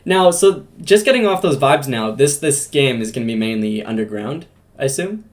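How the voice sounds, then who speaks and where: A man's voice: medium pitch, expressive, moderate pace. Man, podcast host, casual chat, rambling questions, laughs easily.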